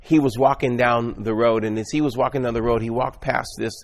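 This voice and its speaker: A man's voice: mid-range voice, fairly even intonation, fairly quick. A man delivering an earnest, exhorting motivational sermon, often repeating and restarting his words as he speaks.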